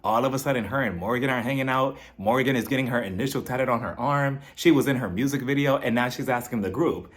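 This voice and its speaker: A man's voice: mid-range voice, fast talker, few pauses. A man recapping a reality TV episode with sarcastic, dramatic asides. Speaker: TV recap host.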